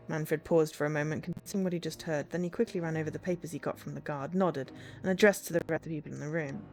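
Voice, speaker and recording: A woman streamer reads the narration of a story game in a plain, steady voice. Her pitch sits fairly low. Faint music plays underneath. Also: quick pace, hardly any pauses. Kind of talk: narrating a visual novel on stream.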